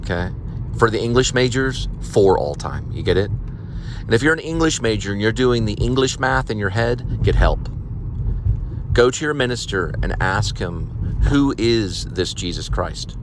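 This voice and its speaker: A man's voice: fairly low pitch, expressive, normal speed, background noise. A man delivering food who talks in a rambling, casual monologue that drifts into preachy exhortations. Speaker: vlogger and food delivery driver.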